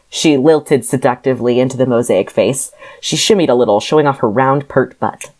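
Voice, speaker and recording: A woman's voice: a bass voice, brisk, few pauses, darkish tone. A young adult woman co-hosting a podcast, recapping a novel in a rambling, sarcastic way and laughing often. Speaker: podcast co-host. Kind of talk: casual chat, book recap.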